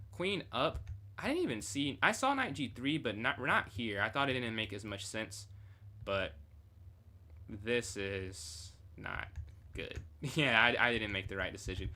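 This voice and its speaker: A man's voice: medium pitch, sharp tone. A young man casually reviewing his own chess game on a stream, thinking aloud and chatting with viewers.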